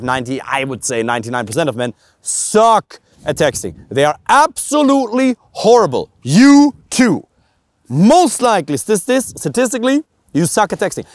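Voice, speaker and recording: Here a man with a German accent coaches on dating directly to camera, bluntly and with emphasis, asking one rhetorical question after another. His voice runs on the high side, and there's no echo.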